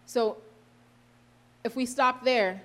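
A woman giving a sermon, reading scripture aloud and explaining it earnestly, slowing down for emphasis and correcting herself now and then. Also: fairly high pitch, steady tone. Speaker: preacher.

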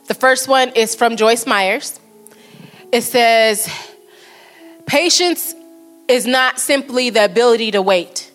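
Lady preaching, kinda high voice, earnest, soft music under it. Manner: earnest, slows down for quotes and prayers. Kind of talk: sermon.

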